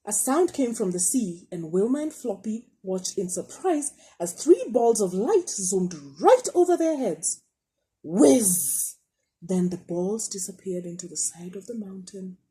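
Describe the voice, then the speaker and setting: A woman teacher reading a picture book aloud to children, pausing to ask questions about the pictures. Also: mid-range voice, breathy edge, poor audio. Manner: lively, asks the listener questions about the pictures.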